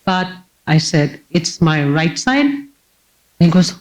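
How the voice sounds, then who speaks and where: On stage as keynote speaker, a woman tells a funny personal story to a live audience, lively and self-mocking. Her voice sits low and slow, and the recording quality is poor.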